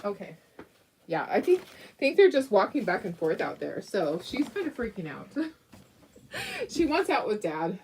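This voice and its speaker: A woman's voice: mid-range voice, sing-song, normal speed, pauses often, darkish tone, slight background noise. A middle-aged woman hosting a casual craft tutorial at home, chatty and giggly, often restarting her sentences. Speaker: craft host.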